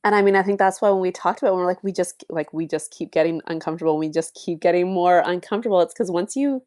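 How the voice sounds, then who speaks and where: A woman's voice: lowish voice, fast, a little mellow, no echo, studio quality. A woman in her thirties co-hosting a podcast, talking in enthusiastic, rambling casual chat with lots of "like"s. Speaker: podcast co-host.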